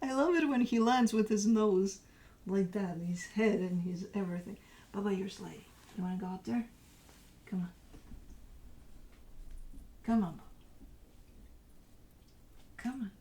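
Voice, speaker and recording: A woman's voice: medium pitch, measured pace, long pauses, dark tone, echoey room. Woman host, casual home chat, coos baby talk at pets, laughs a lot, mid-range voice. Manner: cooing baby talk, laughing, sometimes whispering. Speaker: tarot reader host. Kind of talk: casual chat talking to her dogs.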